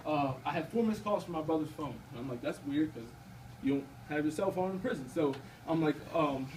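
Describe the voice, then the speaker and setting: Fast-talking young man giving a testimony. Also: on the high side, animated. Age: 20s. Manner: casual and conversational, often asking "you know what I mean". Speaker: student speaker at a campus ministry event. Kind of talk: personal faith testimony. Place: event room at a campus gathering. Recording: distant mic with faint background noise.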